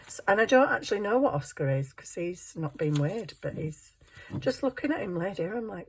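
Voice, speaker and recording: A woman's voice: medium pitch, big pitch swings, moderate pace, a little hiss or hum. An older woman, a grandmother, chatting casually and giggling as she crafts for her channel. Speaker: craft vlogger. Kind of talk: casual chat while crafting.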